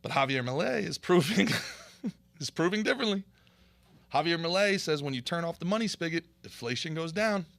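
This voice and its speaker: A man hosting a podcast, talking casually in an animated, opinionated way. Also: fairly high pitch, fairly quick, creaky, no room sound. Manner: animated, opinionated ranting with laughs. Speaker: podcast host and comedian.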